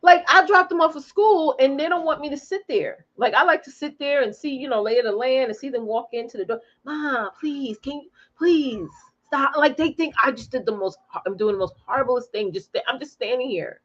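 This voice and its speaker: A woman's voice: sits high, fast, few pauses, a bit bright, muffled recording. A woman in her forties chatting casually from home, reading out viewer comments and talking straight to them. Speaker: live stream host. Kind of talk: casual chat with live viewers.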